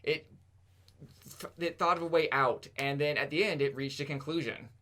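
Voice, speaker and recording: A man's voice: a little high, fairly even intonation, normal speed, pushed and bright. A man co-hosting a podcast, making wry, sarcastic jokes in a casual chat. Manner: wry, joking, sarcastic asides. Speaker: podcast co-host.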